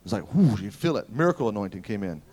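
Animated male preacher telling stories. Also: lowish voice, quick pace, breathy edge. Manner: animated storytelling, swings from loud exclamations to hushed asides. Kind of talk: sermon.

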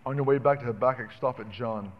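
A man preaching a sermon in an animated, conversational way, calling out to the congregation. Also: medium pitch, quick pace. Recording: dull sound with long reverb in a hall.

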